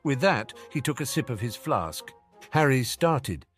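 A man's voice: mid-range voice, sing-song, unhurried, breathy edge, faint music behind. A man reading a fan fiction story aloud as audiobook narration. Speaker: audiobook reader.

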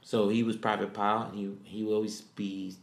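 A man co-hosting a podcast, chatting casually in an animated way with quick laughs. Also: lowish voice, vocal fry. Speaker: podcast co-host. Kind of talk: casual chat. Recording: roomy echo.

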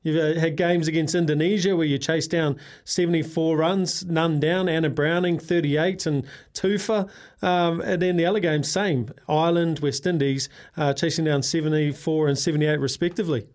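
A man's voice: on the high side, steady tone, moderate pace, darkish tone. A man co-hosting a sports radio show, matey and joking, reeling off match stats.

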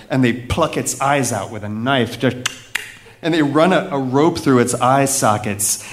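A man telling a personal story vividly, with dramatic pauses and hushed moments. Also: fairly high pitch.

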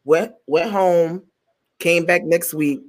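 Animated woman comedian telling a story. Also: on the low side, slow pace. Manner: animated, acts out quotes in other voices; stumbles and repeats words. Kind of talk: storytelling in an interview.

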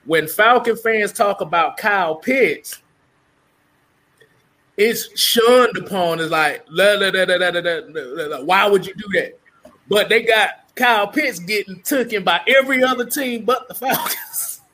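A man with a notably high, bright voice trades jokes about his team. He talks in an animated way, stalls with "hold on," and laughs through his points. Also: measured pace. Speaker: co-host. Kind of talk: casual sports talk.

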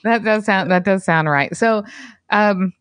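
A woman co-hosting a casual movie review podcast, chatty and quick to laugh. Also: medium pitch, no room sound. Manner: chatty, laughs often, relaxed asides. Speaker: podcast co-host.

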